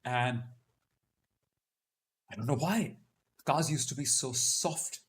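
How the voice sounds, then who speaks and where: A man's voice: mid-range voice, slow pace, slight background noise. A man with a Delhi Indian English accent hosting a casual live Q&A, chatty and joking as he explains and sounds out words. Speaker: host of a live Q&A.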